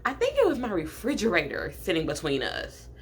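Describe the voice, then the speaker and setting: A woman's voice: on the low side, huge pitch swings, a little fast, a little hiss or hum. A woman in her late twenties from Michigan, telling a personal story to her viewers in a chatty, filler-heavy way. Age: late 20s. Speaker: vlogger. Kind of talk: storytime vlog.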